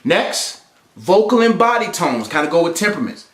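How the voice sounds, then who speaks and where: A man's voice: sits high, big pitch swings, moderate pace. A man hosting a podcast, giving motivational relationship advice in a preachy way and repeating phrases for emphasis. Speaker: podcast host. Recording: echoey room.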